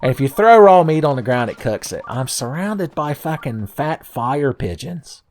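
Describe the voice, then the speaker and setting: A man's voice: a little high, big pitch swings, normal speed, a little mellow. A man hosting a let's play, rambling and joking through casual gameplay commentary, swearing freely and laughing often.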